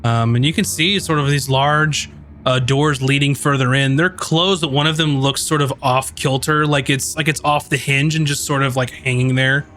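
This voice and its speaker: A man running a tabletop game, describing scenes in a rambling, halting way full of fillers. His voice sits at an ordinary middle pitch. A faint hiss of noise runs under it. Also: steady tone, fairly bright tone. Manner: rambling, many fillers and restarts. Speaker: game master.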